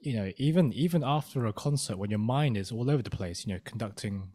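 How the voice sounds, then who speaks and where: A man hosting a podcast interview who speaks softly and sounds admiring. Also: mid-range voice, animated, fast. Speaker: podcast host. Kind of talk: casual interview.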